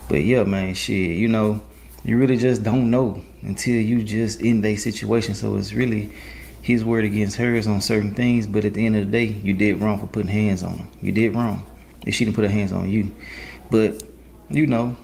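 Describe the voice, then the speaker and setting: A man giving relaxed, slangy commentary while reacting to a clip on his stream. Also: fairly low pitch, normal speed, gravelly, a little hiss or hum. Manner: laid-back, slangy, musing. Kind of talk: casual commentary.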